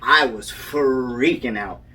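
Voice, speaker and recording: A young man tells a story on a casual podcast, lively and full of swearing, laughing through it. He sits some way back from the mic, so his voice has a touch of distance. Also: mid-range voice, slow, faint music behind. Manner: animated storyteller, swears freely, laughs often. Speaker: podcast co-host. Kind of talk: casual chat.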